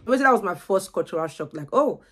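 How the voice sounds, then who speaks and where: Young woman, casual vlogger, chatty, slightly low voice. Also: lively intonation, very fast, fairly bright tone. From Nigeria. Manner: chatty, repeats words as she goes. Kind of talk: casual talk to camera.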